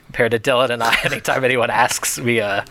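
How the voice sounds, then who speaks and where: A man's voice: mid-range voice, fairly even intonation, fast talker, sharp tone. A man co-hosting a podcast in casual chat, loose and joking, with frequent restarts. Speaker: podcast co-host.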